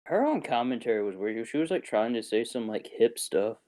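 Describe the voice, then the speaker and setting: Young male podcast co-host, animated pitch, loose joking delivery. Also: fairly quick, low-quality recording. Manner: loose, joking, laughing often. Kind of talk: casual chat.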